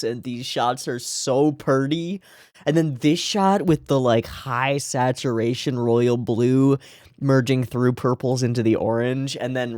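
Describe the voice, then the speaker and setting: A man in casual reaction-commentary mode, heavy with feeling and quick to swear, his voice sitting at an ordinary middle pitch. The sound is close and dry, with almost no room around it. He talks like a host chatting through an episode for his regulars. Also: no room sound. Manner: emotional, swears freely, animated commentary.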